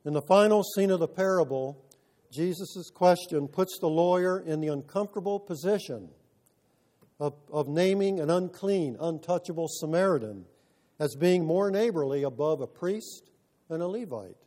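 A man preaching a sermon, telling a story in an earnest, measured way with pauses. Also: on the high side, lively intonation, mellow.

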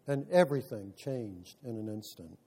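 A man preaching a sermon, telling a story in an earnest, measured way with pauses. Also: fairly low pitch, expressive, warm tone, slightly rough.

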